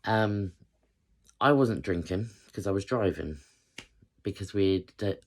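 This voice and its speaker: Deep-voiced woman, fifties, from England, casual storytelling, rambling, lots of ums. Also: takes it slowly. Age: 50s. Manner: chatty, rambling with many fillers. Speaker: vlogger.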